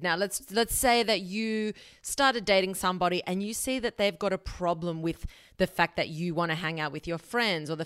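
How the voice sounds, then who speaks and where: On her solo advice podcast, a young host talks with blunt emphasis and casual swearing. Her voice is on the low side yet fairly bright, clear and resonant, in a dry, clean studio recording.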